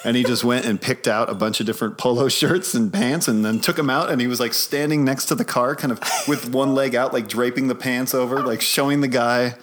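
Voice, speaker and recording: A man's voice: medium pitch, fairly even intonation, fairly quick, hardly any pauses, fairly bright tone, slight background noise. A man in his forties with a mid-range voice co-hosts a podcast. He tells long, rambling stories at an easy pace, full of fillers. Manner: rambling, easygoing storytelling with fillers. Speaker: podcast co-host. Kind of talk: casual chat.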